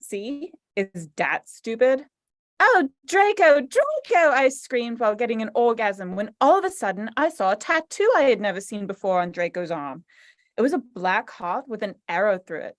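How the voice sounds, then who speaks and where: A woman's voice: medium pitch, animated, normal speed, no room sound. A woman doing a playful, mock-serious reading of a story aloud with friends. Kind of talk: comic dramatic reading. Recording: dry close sound.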